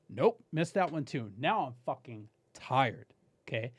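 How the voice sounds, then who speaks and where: A man guest on a podcast, telling a story in a casual, animated way, swearing and saying "dude" often. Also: mid-range voice, brisk, breathy edge, no echo.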